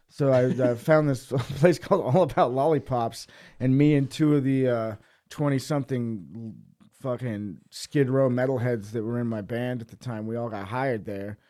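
A young man in a casual podcast chat, telling a long story in a loose, rambling way. He swears constantly and laughs his way through the funny parts, voice mid-pitched and unforced. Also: darkish tone. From Boise, Idaho.

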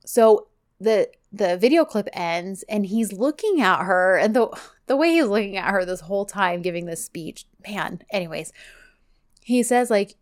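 A woman's voice: mid-range voice, unhurried. Chatty woman recapping a show. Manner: chatty and animated, heavy use of "like". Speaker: podcast co-host. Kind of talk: casual chat recapping a TV show.

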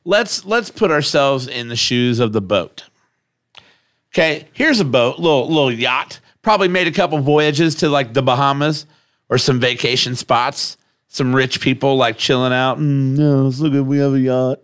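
A man's voice: medium pitch, normal speed. A man hosting a casual podcast chat who jokes around, swears freely and acts out little scenes. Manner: animated joking, profane, acts out scenes. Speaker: podcast host.

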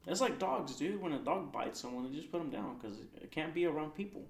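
Young man with a lively, slightly high voice. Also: a little fast. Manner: slangy, joking replies. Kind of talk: casual chat. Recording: echoey room.

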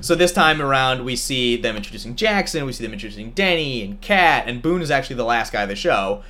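Podcast host, man, bright tone, animated casual recap, laughs easily. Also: mid-range voice, fast talker. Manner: animated storytelling, laughs often. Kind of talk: casual movie recap chat.

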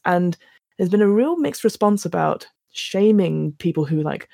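With a lowish, gravelly voice at normal speed, this podcast co-host chats casually about films, acting out characters' lines as she retells scenes and often restarting her sentences. The recording is studio quality, with no room sound.

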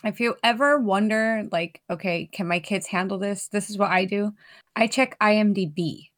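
A woman's voice: medium pitch, normal speed, fairly bright tone. Chatty woman podcaster. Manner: chatty, swears casually, says y'all. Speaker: podcast co-host. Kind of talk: casual chat.

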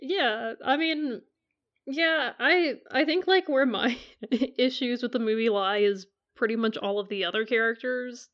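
A woman's voice: a little high, unhurried. A woman in casual chat about a movie, talking in a chatty way with many fillers. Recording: dull lo-fi audio.

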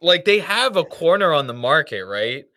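A man's voice: on the high side, very animated, normal speed, pushed and bright. A man co-hosting a casual review podcast, joking and swearing freely. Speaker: podcast co-host.

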